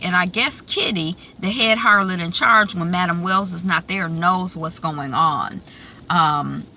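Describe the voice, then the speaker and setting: A woman's voice: on the low side, bright, forceful tone, a little hiss or hum. A woman giving a casual, chatty recap of a TV episode. She fills her talk with ums and acts out the characters' lines. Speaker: TV recap reviewer.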